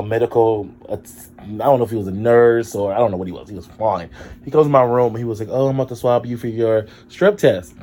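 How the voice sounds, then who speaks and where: A sick man with a sore throat and drained energy tells a story to his viewers. His voice is dark and mellow, but he jumps to high exclamations and drops in sassy asides. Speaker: vlogger. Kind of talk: casual storytelling to camera.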